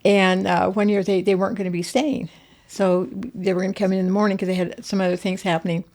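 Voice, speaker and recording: An older woman, a guest in a relaxed interview, recounts family stories with animation, imitating the voices of those she quotes. She talks fast at a medium pitch.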